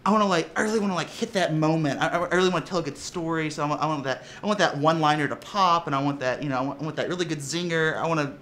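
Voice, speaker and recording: A man with a somewhat high voice chats easily in an interview about playing in a tabletop game. He often restarts and repeats his words and leans on fillers as he goes. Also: rapid-fire, hardly any pauses, a bit bright, slight background noise. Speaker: tabletop game player and actor. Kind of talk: casual interview chat.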